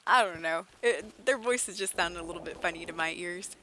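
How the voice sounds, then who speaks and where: A woman's voice: on the low side, normal speed, bright, forceful tone, slight background noise. A woman streaming a game, chatting casually with jokes and sarcastic asides. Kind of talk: casual gameplay chat.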